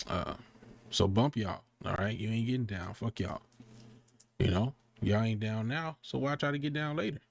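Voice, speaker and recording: A man giving a casual, slangy and profane sermon, rambling between asides and slow, deliberate scripture readings. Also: lowish voice, creaky, dry recording. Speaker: street preacher.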